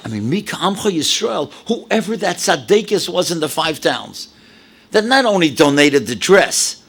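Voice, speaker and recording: A man in his seventies from New York, a rabbi telling stories in a dramatic, animated lecture. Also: fairly high pitch. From New York, USA. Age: 70s. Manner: animated, dramatic storyteller with sudden drops and exclamations. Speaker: rabbi, speaker. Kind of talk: storytelling lecture to an audience.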